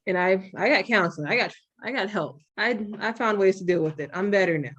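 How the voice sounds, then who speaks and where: A young adult woman hosting a podcast, talking frankly and with some profanity in an animated, storytelling way. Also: medium pitch, fairly quick, muffled recording. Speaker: podcast host. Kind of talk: candid podcast conversation.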